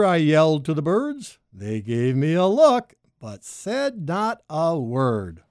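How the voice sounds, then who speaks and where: A woman reading a rhyming children's story aloud, expressive and sing-song. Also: takes it slowly, dry recording, clean studio sound. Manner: expressive, sing-song, big pitch leaps. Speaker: storybook reader.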